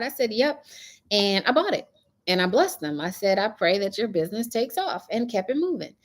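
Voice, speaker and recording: Lively middle-aged woman hosting a spiritual talk. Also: mid-range voice, normal speed. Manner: animated storytelling, preachy. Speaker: host.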